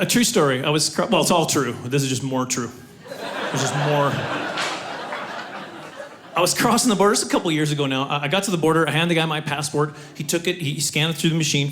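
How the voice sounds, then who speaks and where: A man from Canada doing an animated stand-up set, full of fillers and sudden loud outbursts. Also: a little high, fast talker, a crowd in the background. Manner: animated, acts out voices, loud bursts and many fillers. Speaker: stand-up comedian. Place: comedy club stage before a laughing audience.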